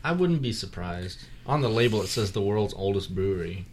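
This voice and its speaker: A man's voice: fairly low pitch, animated, a little fast, slight background noise. A man co-hosting a casual beer-tasting podcast, easygoing and jokey, trailing off with fillers. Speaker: podcast co-host.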